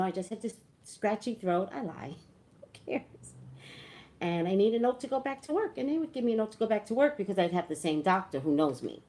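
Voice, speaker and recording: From a dimly lit room at home, a woman hosts a casual livestream on her phone, her voice on the low side with a darkish tone. She chats, laughs often, and greets viewers by name.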